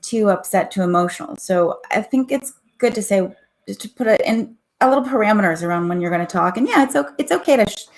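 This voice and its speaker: A woman talking as a guest in a casual conversation, open and reflective, with hesitant pauses. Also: medium pitch, lively intonation. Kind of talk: casual livestream chat.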